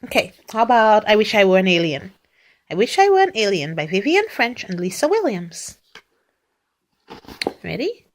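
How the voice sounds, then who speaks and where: Parent reading picture books aloud: woman, very lively pitch, fond of playful sound effects. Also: moderate pace, long pauses, slight background noise. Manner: playful, acts out animal noises and sound effects. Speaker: parent reading to a young child.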